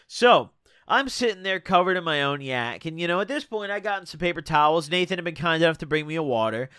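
A man's voice: on the high side, expressive, quick pace, bright, forceful tone, clean tone, dry recording, studio quality. A man telling a personal story for a vlog in a casual, profane way, scattering "bro" and "dude" through it. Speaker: vlogger.

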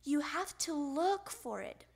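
A woman's voice: high voice, lively intonation, slow pace, creaky, full character voice. A woman voicing a patient grown father frog in a storybook reading, coaxing his son along.

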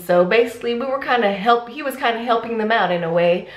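A woman's voice: a little high, fast, reverberant. A mother talking casually and defiantly in a home video, using slang. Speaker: mother defending her video. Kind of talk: casual self-recorded video message.

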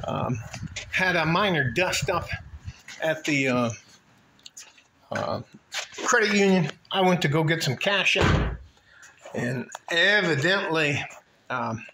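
A man tells a story to his viewers in a casual vlog rant. He is animated and blunt, and he swears freely. His voice is bright and forceful, a little high for a man, and the recording has a roomy echo. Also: takes it slowly, long pauses, a little hiss or hum. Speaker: vlogger addressing his viewers.

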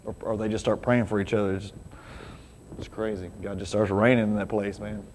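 A man's voice: on the low side, flat delivery, fairly quick, a little mellow, slight background noise. A man preaching a casual, conversational sermon full of rhetorical questions to his congregation. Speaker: pastor. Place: church sanctuary. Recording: reverberant church hall.

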